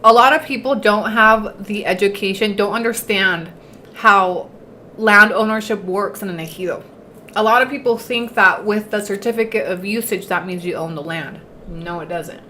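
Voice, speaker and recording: A woman chats her way through a casual livestream, slipping Spanish words into her English and stopping now and then to eat. Her voice sits at a middling pitch. The room is echoey, with faint noise underneath. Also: moderate pace, bright, forceful tone. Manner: chatty, mixes in Spanish words, eating while talking. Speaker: livestream host.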